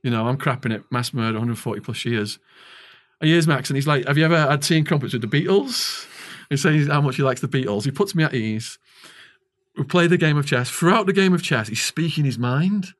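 A man's voice: medium pitch, a little fast. English man telling a prison story. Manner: animated storyteller acting out quoted dialogue. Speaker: podcast guest. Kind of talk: storytelling interview.

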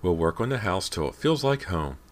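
A man's voice: sits low, very animated, a little fast, pitched above the performer's own voice. A man voicing a practical mother in an audiobook, speaking in a soothing but firm way. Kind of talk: audiobook character voice.

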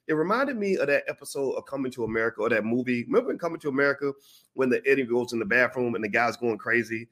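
A man's voice: medium pitch, rapid-fire. A man vlogger telling a story in a casual way, acting out the people in it. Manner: animated, acts out the people in his stories.

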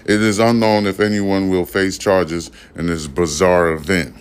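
Low-voiced male podcast host, casual profane news commentary, rambling delivery. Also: level tone, unhurried, smooth. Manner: profane, rambling, laughs at the stories.

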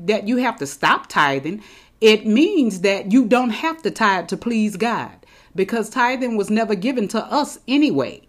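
Emphatic woman preaching. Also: medium pitch. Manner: emphatic, conversational, repeats for stress. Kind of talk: sermon.

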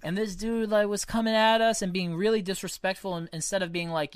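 A man's voice: sits high, fast, few pauses, clean tone, no echo. A man hosting a podcast from home, telling stories in casual chat, cursing freely and acting out the people he quotes. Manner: profane, animated storyteller acting out quotes. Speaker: podcast host.

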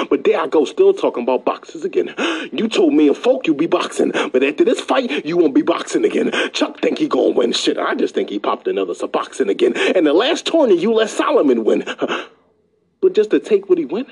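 Young guy battle rapping, husky voice, pitch jumping all over, brash and cussing. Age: young adult. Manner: brash, profane trash talk. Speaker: battle rapper. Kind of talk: battle rap verse.

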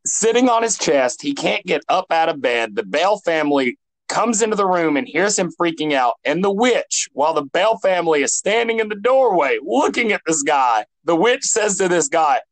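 High-voiced man telling a story. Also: normal speed, rough recording. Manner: animated, filler-heavy storytelling. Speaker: podcast co-host. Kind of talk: casual chat.

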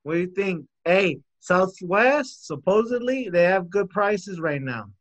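A man's voice: sits high, lively intonation, unhurried, muffled recording. A man co-hosting a podcast, teasing and pushing his friend, calling him bro. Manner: pushy, teasing, says "bro" a lot. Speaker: podcast co-host. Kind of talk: casual chat.

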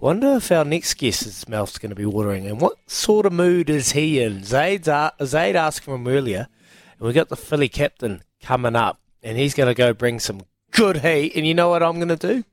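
A man's voice: fairly high pitch, animated, moderate pace, no room sound, studio quality. A man hosting a radio show, playful and teasing in casual banter. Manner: playful, teasing, laughs easily.

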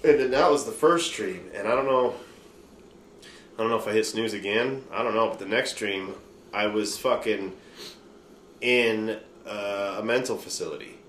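Podcast host, man, casual and profane, slightly deep, roomy recording. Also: moderate pace, a bit bright. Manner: loose, profane, rambling retelling. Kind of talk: casual storytelling chat. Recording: roomy room with faint noise.

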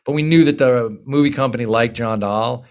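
Male podcast guest, mid-pitch, lively storyteller, swears casually, restarts a lot. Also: moderate pace. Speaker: guest screenwriter and producer.

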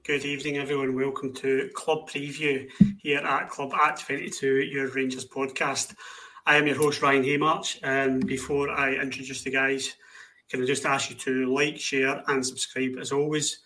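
A man's voice: mid-range voice, little pitch movement, normal speed, sharp tone, low-quality recording. A man hosting a football podcast, chatting casually and teasing his guests. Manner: joking, teasing banter. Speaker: podcast host.

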